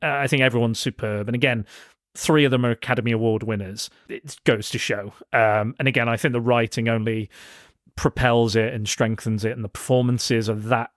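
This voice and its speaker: Podcast host, earnest and chatty, keeps saying again, dry close mic. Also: male voice, mid-range voice, fairly even intonation, brisk, dry recording. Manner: earnest, repeats "again" often. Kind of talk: casual podcast chat.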